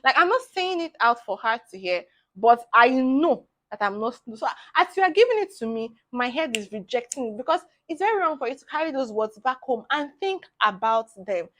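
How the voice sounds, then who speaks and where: A young Nigerian woman in her twenties, a medical student giving bubbly, animated advice in a casual vlog, laughing often. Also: fairly high pitch, a little fast, few pauses.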